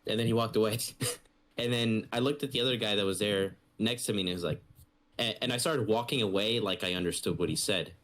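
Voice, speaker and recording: A young man with a low-pitched voice chats on a casual podcast. He tells stories with animated energy and swears freely. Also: fairly quick. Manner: animated storyteller, swears freely, mimics others. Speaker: podcast co-host.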